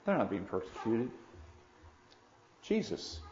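A man preaching a sermon in an earnest way, with loud emphatic moments and quiet asides. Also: mid-range voice, animated, normal speed, slight background noise. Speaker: pastor. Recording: echoey room, dull lo-fi sound.

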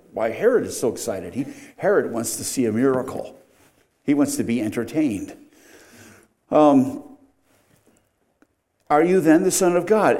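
A man's voice: high-pitched, warm tone. A middle-aged man preaching an expository sermon, emphatic, his voice rising and dropping sharply.

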